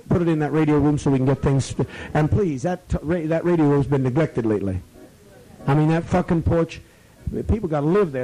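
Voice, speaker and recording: A man leading a gathering, who rambles, swears freely and gives orders, sometimes slowing into a drawn-out, soothing tone. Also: on the high side, warm tone, poor audio. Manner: profane, commanding, rambling; slows to a drawn-out, soothing tone at times. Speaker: community leader addressing members.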